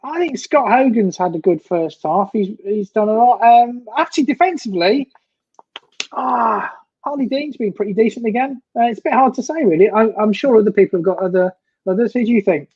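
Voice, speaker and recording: A woman's voice: fairly high pitch, expressive, brisk, a little mellow, slightly rough, highs cut off. A woman co-hosting a football reaction stream, chatting casually with dry, teasing banter. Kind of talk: casual live match reaction chat.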